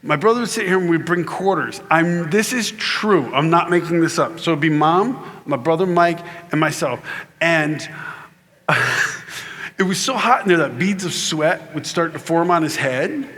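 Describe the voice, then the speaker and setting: Animated, bright-voiced male keynote speaker. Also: a little high, measured pace. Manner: animated, acts out voices, laughs often. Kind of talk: comedic storytelling sermon. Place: large conference hall.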